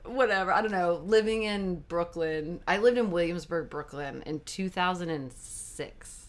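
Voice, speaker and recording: A woman guest in a casual interview, telling animated stories, laughing often and acting out quoted dialogue. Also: lowish voice, normal speed.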